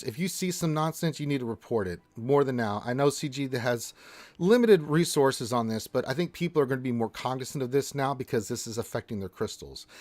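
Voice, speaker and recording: A man's voice: medium pitch, a little mellow, no echo. A man hosting a casual gaming livestream, reading chat in a blunt, emphatic, rambling manner.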